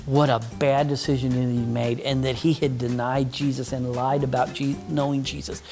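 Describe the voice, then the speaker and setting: A man's voice: medium pitch, flat delivery, moderate pace, over music. A man teaching children a Bible story, patient and mock-stern with a puppet that keeps interrupting.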